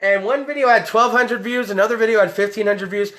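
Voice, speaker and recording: A man's voice: high voice, fairly quick, fairly bright tone. A man hosting a live-streamed show, talking in a loose, tipsy, heavily profane way. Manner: rowdy, tipsy, swears a lot. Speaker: podcast host.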